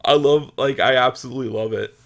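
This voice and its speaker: A man's voice: mid-range voice, brisk, fairly bright tone. A young man hosting a podcast, telling childhood stories in a rambling, casual way full of fillers. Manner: rambling, filler-heavy, laughs at own stories. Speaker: podcast host. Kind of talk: casual storytelling monologue.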